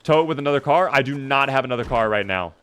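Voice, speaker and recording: A man's voice: mid-range voice, lively intonation, quick pace, fairly bright tone, slight background noise. Chatty young man narrating his gameplay. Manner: swears a lot, rants when angry. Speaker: gaming streamer. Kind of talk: casual gameplay commentary.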